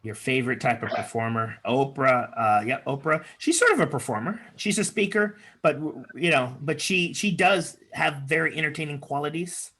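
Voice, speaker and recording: A man's voice: on the high side, lively intonation, moderate pace, hardly any pauses, bright, forceful tone, slightly rough. A man leading an online speaking workshop, chatty and encouraging, with lots of fillers, over a video call. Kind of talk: workshop talk with improv exercises.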